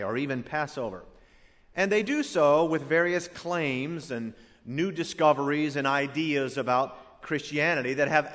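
A male pastor preaching a sermon, punching some words and letting others drop to a hush. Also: on the high side, long reverb tail. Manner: emphatic preaching that swings between loud punches and hushed, drawn-out words.

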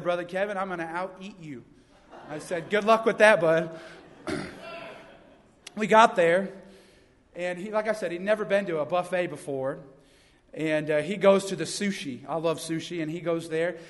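High-voiced young preacher in a reverberant hall. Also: male voice. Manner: energetic preaching with humorous stories. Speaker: youth pastor. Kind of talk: sermon. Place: church sanctuary. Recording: long reverb of a church hall.

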